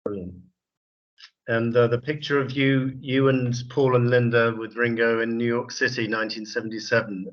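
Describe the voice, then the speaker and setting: A man's voice: mid-range voice, steady tone, normal speed, lo-fi sound. A man hosting a casual interview, asking questions as an enthusiastic fan. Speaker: host.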